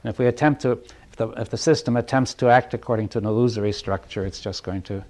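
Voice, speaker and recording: A man gives a reflective talk to a small group, speaking fast at a medium pitch. He frequently restarts his phrases, checks in with the listeners, and chuckles softly between points.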